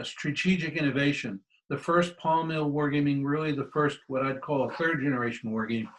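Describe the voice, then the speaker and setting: A man's voice: medium pitch, a bit bright, poor audio. A man giving a history lecture with slides, talking in a loose conversational way with many fillers and restarts. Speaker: guest lecturer.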